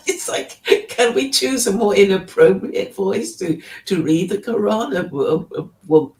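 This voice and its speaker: A woman's voice: medium pitch, expressive, takes it slowly, darkish tone. A woman in casual chat on a stream, teasing and laughing often.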